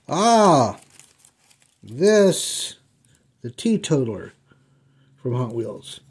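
A man in his fifties with a slightly husky, breathy voice at a middling pitch. He talks through his die-cast car haul at home in an easygoing, meandering way, with frequent ums and uhs. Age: 50s. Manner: relaxed and rambling, with many ums and uhs. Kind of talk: casual unboxing vlog. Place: indoors at home.

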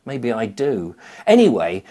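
A middle-aged man, a children's author, chatting to camera in a rambling, animated way. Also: medium pitch, measured pace. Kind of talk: casual talk to camera.

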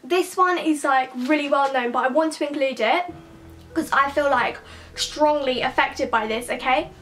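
A woman's voice: high-pitched, normal speed, fairly bright tone, faint music behind. A young woman chatting casually to camera as a vlogger, emphatic and full of "like". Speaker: YouTuber. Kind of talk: casual vlog chat.

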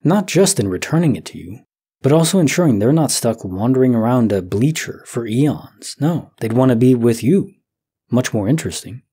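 Calm guy in his 30s thinking out loud, soft and slow, kinda breathy mellow voice. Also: medium pitch. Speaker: sleep story narrator. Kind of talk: calm musing commentary on listener stories.

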